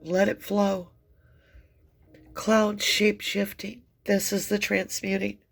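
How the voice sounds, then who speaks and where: Tearful gravelly-voiced woman reading tarot. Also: medium pitch, flat delivery. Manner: tearful, heartfelt, slow and soothing. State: crying. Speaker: tarot reader. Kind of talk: emotional tarot reading to camera.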